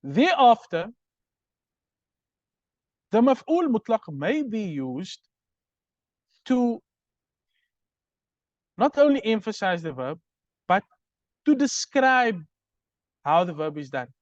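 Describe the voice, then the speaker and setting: A man lectures on grammar, raising his voice high and swinging it widely. He speaks slowly, asks "right?" to check that his listeners follow, and the recording is dry and dull. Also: sing-song, no room sound. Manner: explains step by step, checks understanding with "right?". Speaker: Arabic grammar teacher.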